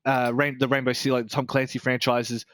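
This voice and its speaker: A man's voice: medium pitch, level tone, moderate pace, a bit bright, dry recording. A man with an Australian accent reviewing a video game in casual chat, rambling and candid, swearing freely.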